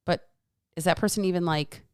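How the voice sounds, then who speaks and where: A woman's voice: lowish voice, fairly quick, clean tone, no echo. East coast lady podcast host, forties, casual swearing, dry close sound. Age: 40s. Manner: chatty, swears freely, acts out quotes. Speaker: podcast host and fitness coach. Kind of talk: casual chat.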